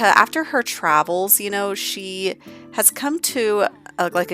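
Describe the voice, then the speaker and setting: A woman's voice: fairly low pitch, a bit bright. A young woman giving chatty, bubbly commentary as she plays a life-sim game. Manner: chatty, bubbly, filler-heavy. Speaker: game let's-play host. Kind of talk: casual gameplay commentary.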